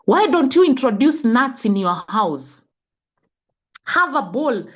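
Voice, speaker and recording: A woman's voice: high voice, sing-song, slow, breathy edge. A middle-aged woman with a Kenyan accent, a health coach who lectures parents with scolding rhetorical questions. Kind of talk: impassioned talk.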